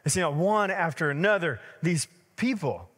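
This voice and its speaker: A man in his thirties preaching a sermon as a pastor, telling stories in a lively conversational way with many fillers. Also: fairly high pitch, moderate pace, husky, big-room sound.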